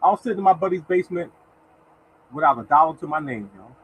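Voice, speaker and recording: Phone-quality sound with slight background noise carries a man's somewhat high, expressive, fast voice. On his casual motivational livestream he gives lottery picks, urging listeners he calls "y'all" over and over and thanking chatters by name now and then.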